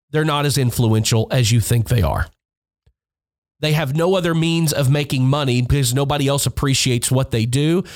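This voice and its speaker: A man hosting a music industry podcast, giving blunt, emphatic advice, repeating points and swearing. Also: fairly high pitch. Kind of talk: instructional podcast monologue. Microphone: podcast mic.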